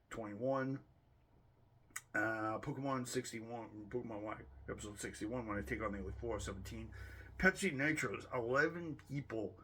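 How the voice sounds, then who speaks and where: A lowish, slightly rough and somewhat bright voice belongs to a channel host from Boston, United States. He casually rambles over his year-end viewer stats, joking and self-correcting in his Boston accent.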